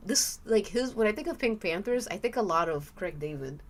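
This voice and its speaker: A woman's voice: on the low side, lively intonation, moderate pace, hardly any pauses, a little hiss or hum. A woman chatting casually on a live stream while she draws, playful and chatty, thanking viewers and humming little tunes as she works.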